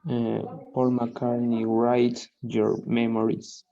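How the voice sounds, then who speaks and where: A man student answering his teacher over a video call, halting and hesitant. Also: medium pitch, monotone, creaky, warm tone, highs cut off. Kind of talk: answering in class.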